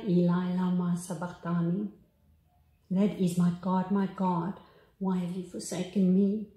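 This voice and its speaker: A woman's voice: fairly low pitch, dark tone. Reverent woman pastor in an echoey room. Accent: South African. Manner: unhurried, reverent reading with pauses and restarts. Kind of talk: sermon reading scripture.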